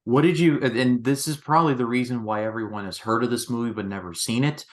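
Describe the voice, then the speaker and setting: A man hosting a casual film review chat, animated and quick with asides. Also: medium pitch. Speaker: film review podcast host.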